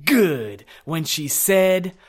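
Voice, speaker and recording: A man's voice: on the high side, big pitch swings, extremely slow. A young man performing a wry, confessional spoken word story.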